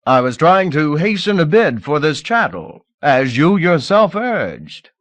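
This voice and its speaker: A man's voice: mid-range voice, very animated, a little slow, a bit bright, dry recording, pitched above the performer's own voice. A man voicing a nervous, fawning male slave auctioneer who pleads and chants bids. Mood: pleading. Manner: pleading, wheedling, sing-song chanting.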